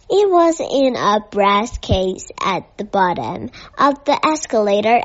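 A woman reads a children's storybook in a gentle, measured way with a slightly high voice. She speaks very slowly and evenly. The recording sounds dull and lo-fi. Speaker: narrator. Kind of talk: storybook reading aloud.

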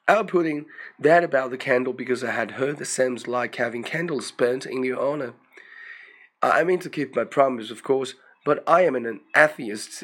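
A man reading a first-person story aloud, in a plain storytelling manner with dry asides. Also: mid-range voice. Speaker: reader.

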